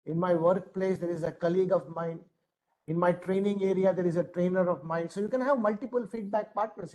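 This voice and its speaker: High-voiced earnest Indian man lecturing. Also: darkish tone, poor audio. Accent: Indian English. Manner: earnest, emphatic, repeats phrases. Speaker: trainer. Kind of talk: lecture to adults.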